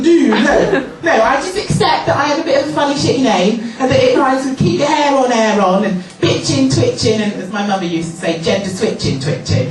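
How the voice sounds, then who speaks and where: A man's voice: high voice, expressive, fairly quick, hardly any pauses. A man doing stand-up comedy, chatting and bantering with the crowd. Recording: echoey hall mic from far off, music.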